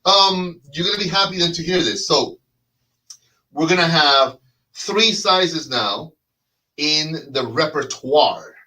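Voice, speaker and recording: A male host chatting on a live show, animated and joking with rambling sales patter. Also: a little high, takes it slowly, distant mic, poor audio. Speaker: host and cigar brand representative. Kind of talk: live casual chat show.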